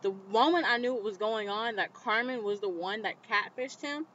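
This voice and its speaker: Animated indignant woman recapping a show. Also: medium pitch, normal speed, slight background noise. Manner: animated, indignant, talks straight at the viewer. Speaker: vlogger reviewing a TV episode. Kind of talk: casual recap and commentary. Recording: slightly dull lo-fi recording.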